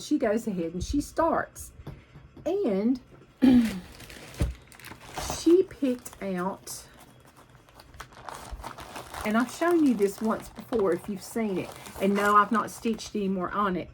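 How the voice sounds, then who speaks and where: A woman's voice: medium pitch, a little hiss or hum, rough recording. A woman vlogging about her cross-stitch projects in a chatty, rambling way, hopping from one topic to the next.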